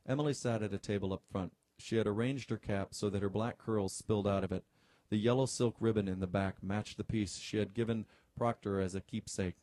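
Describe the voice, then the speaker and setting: Middle-aged guy reading a novel out loud, lowish mellow voice, dry close sound, easygoing asides. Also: a little fast, no echo. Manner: relaxed, joking asides between passages. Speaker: radio host reading aloud.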